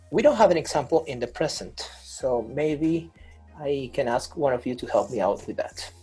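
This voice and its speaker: A man teaches an online English grammar class over a video call, patiently repeating and rephrasing with many fillers. His medium-pitched voice is darkish and husky, and the recording is rough.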